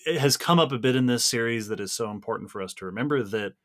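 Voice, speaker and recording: A man's voice: medium pitch, quick pace, a bit bright. A man hosting a podcast, speaking in an appreciative, conversational way. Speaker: podcast host. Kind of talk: casual conversation.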